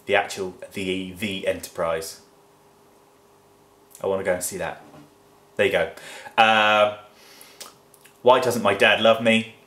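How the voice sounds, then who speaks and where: A man from England answers viewer questions in a loose, chatty vlog, blunt and quick to swear. His voice sits on the low side. The room has a noticeable echo. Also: little pitch movement, fairly bright tone. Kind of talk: casual Q&A vlog. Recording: echoey room.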